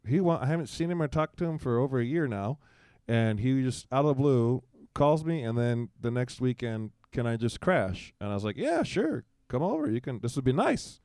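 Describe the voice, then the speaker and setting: A man's voice: mid-range voice, fairly quick, hardly any pauses, a little mellow, clean tone, no room sound, clean studio sound. A man in his forties, a guest in a casual conversation, telling a personal story and acting out quoted dialogue in livelier voices, with frequent restarts.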